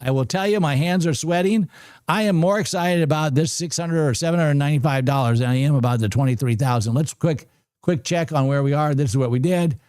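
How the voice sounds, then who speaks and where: Man, 60s, excitable livestream host, slightly high voice, dry close recording. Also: brisk, clean tone, no room sound. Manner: excitable, talks to the screen, repeats phrases. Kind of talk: live trading commentary.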